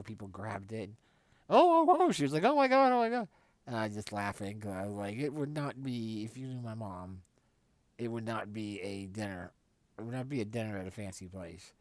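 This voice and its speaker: A man's voice: lowish voice, no echo. A man vlogging, telling a casual anecdote in a rambling way with lots of fillers and restarts. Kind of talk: casual storytelling.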